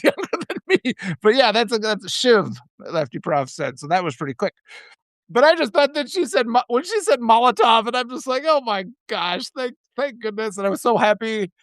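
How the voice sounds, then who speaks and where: A middle-aged man hosting a casual live stream, talking in a rambling, animated way with many restarts and laughs. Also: sits high, no echo, clean studio sound. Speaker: author and live-stream host.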